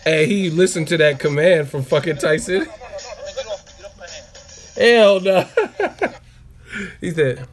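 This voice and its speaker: A man's voice: on the high side, slow, pauses often, faint music behind. A man hosting a live stream, reacting to clips with profanity and laughter. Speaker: boxing channel host. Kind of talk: casual live-stream commentary.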